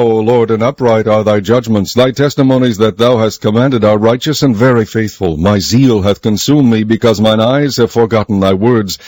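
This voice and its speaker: A man giving a solemn, measured scripted reading of scripture. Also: fairly low pitch, darkish tone, no room sound. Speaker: scripture reader.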